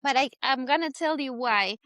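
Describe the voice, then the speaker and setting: A woman's voice: high voice, normal speed, a bit bright, dry recording. A middle-aged Colombian woman, a guest speaking casual English as a second language, with small grammar slips. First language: Spanish. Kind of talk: casual interview.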